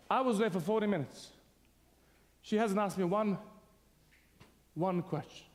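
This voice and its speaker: Speaking in a large hall, a man from Serbia with a high voice takes his time and pauses often. His talk is a humorous personal testimony before an audience, punctuated by his frequent laughter.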